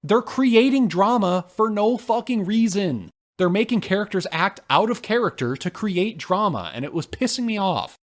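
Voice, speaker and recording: A man co-hosting a podcast, chatting casually and ranting with swearing and sudden jumps in pitch. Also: normal speed, few pauses. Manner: animated, profane ranting with big pitch jumps. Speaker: podcast co-host. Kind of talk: casual podcast review chat.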